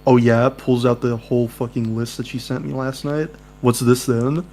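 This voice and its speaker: A man's voice: medium pitch, moderate pace. A young man reading a dating-sim game aloud with friends, joking and laughing between lines. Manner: laughing, jokey, animated asides. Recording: mains hum behind.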